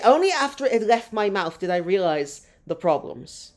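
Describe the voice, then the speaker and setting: A woman's voice: on the low side, very animated, a little slow, pauses often, darkish tone, soft background music. A woman hosting a live gameplay stream, chatting with her audience in a rambling, self-mocking way. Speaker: gaming streamer.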